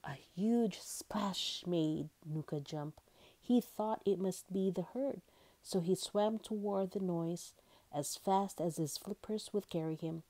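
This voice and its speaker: A woman reading a children's picture book aloud in a gentle, expressive way. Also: on the low side, slow. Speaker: storyteller.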